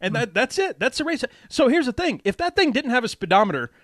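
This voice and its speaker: A man's voice: extremely high pitch, big pitch swings, fast talker, a bit bright, no echo, clean studio sound. A man hosting a casual podcast, telling loose stories and laughing often. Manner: chatty storyteller who laughs often. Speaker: podcast host. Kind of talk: casual chat.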